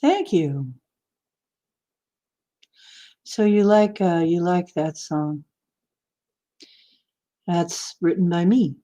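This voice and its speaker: A woman's voice: fairly low pitch, animated, slow, dark tone. A woman hosting a livestream in casual chat, playfully teasing and answering her viewers' comments. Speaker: livestream host.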